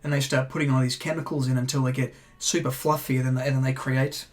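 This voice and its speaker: Podcast guy, mid-pitch voice, kinda stumbly, lots of yeah yeah. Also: level tone, fast, a little hiss or hum. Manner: hesitant, repeats words, frequent backchannel agreement. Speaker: podcast co-host. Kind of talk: casual chat.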